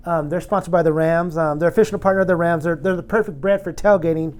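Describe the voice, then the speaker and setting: High-voiced chatty podcast host, a man. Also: quick pace, few pauses, darkish tone. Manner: chatty, reads sponsor plugs, chants. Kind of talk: casual sports chat.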